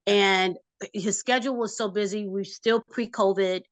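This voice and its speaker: A woman filmmaker talking about her documentary on a video call, warm and effusive, laughing often. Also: mid-range voice, fairly even intonation, moderate pace, no echo. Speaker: filmmaker guest. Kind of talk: casual video call interview. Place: home.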